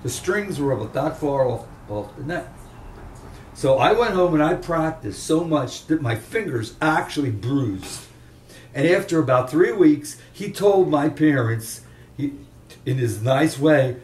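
A man's voice: mid-range voice, animated, unhurried, darkish tone. An older man from the Chester, Pennsylvania area, telling rambling anecdotes as a veteran guitarist in a casual interview. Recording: roomy room, distant mic, faint ambience.

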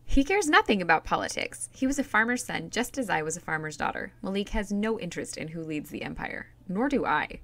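A woman's voice: medium pitch, big pitch swings, brisk, hardly any pauses, fairly bright tone. A woman reading aloud as a young slave woman who earnestly pleads her case in a storybook.

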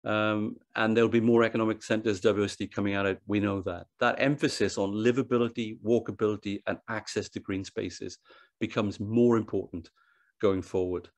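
A man's voice: fairly low pitch, fairly even intonation, normal speed, no room sound. A man giving a conference presentation, thinking aloud with frequent restarts and repeated words. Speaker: conference speaker. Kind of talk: presentation talk. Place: online event.

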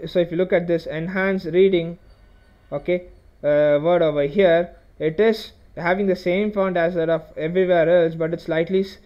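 A man's voice: high-pitched, steady tone, moderate pace, highs cut off. A man teaching a programming lesson over a screen recording, explaining step by step with frequent okays and restarts. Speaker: programming tutorial host.

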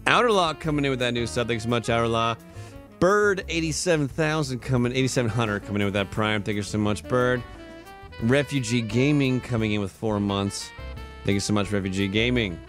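A man rattles off thanks to his viewers in a loose, chatty live-stream voice, worn out yet cheerful and quick to laugh. His pitch sits in an ordinary middle range for a man. Faint music plays low behind him. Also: a bit bright. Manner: chatty and upbeat, laughs often. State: tired. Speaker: livestreamer. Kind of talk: casual live-stream chat, thanking subscribers. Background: faint background music.

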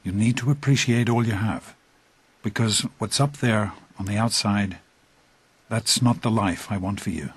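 An actor playing a calm, earnest middle-aged father who speaks softly and fatherly. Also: on the low side, normal speed, husky, no room sound. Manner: earnest, fatherly, soft-spoken.

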